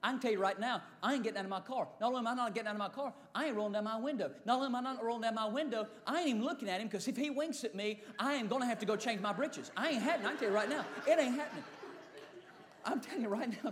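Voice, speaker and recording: High-voiced man, drawl, preacher, comic storytelling, lively quoted voices. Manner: animated Southern drawl, acting out quoted voices.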